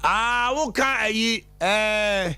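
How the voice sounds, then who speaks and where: A Ghanaian man hosting a phone-in radio show, talking in a lively back-and-forth with callers in a studio. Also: high-pitched, very slow, crowd noise. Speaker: radio host taking callers.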